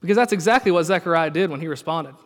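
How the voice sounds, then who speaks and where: A man's voice: on the high side, lively intonation, rapid-fire, long reverb tail. A male pastor preaching a sermon in a conversational storytelling way. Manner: conversational, storytelling with acted quotes.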